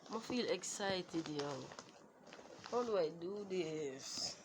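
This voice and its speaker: A woman, unboxing gifts in a casual vlog, excitable and exclaiming, recorded on a phone. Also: on the low side, slow. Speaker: vlogger. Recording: phone recording with clear background noise.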